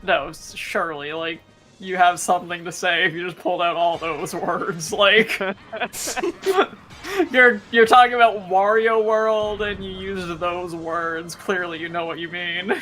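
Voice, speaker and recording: Bright, high-voiced giggly young man. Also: a little slow, faint music behind, low-quality recording. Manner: giggly, rambling, laughs often. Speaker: podcast co-host. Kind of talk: casual chat.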